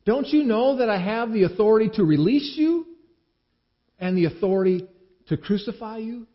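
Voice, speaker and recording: A man's voice: high voice, expressive, moderate pace, pitched above the performer's own voice. A man voicing a stern Roman governor who speaks in emphatic, rising declarations. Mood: pressing. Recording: dull lo-fi recording.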